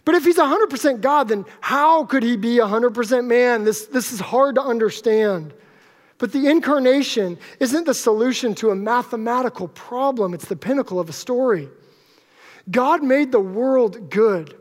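A man's voice: very high-pitched, normal speed. A male pastor preaching a sermon to a live congregation, conversational and joking with the audience. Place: church sanctuary with live congregation. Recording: long hall reverb.

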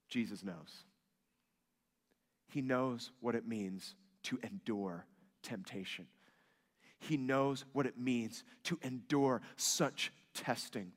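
A man preaching a sermon, swinging from loud emphatic rises to soft hushed lines. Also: medium pitch, takes it slowly, long pauses. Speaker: pastor. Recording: long hall reverb.

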